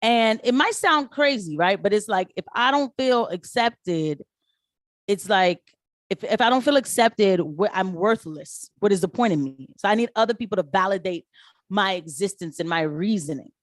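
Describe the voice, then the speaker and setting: A woman who works as a nurse, talking casually to her viewers and telling lively stories, putting on quick voices for the people she quotes. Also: mid-range voice, dry recording, clean studio sound. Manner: animated storytelling with quoted voices. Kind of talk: casual commentary vlog.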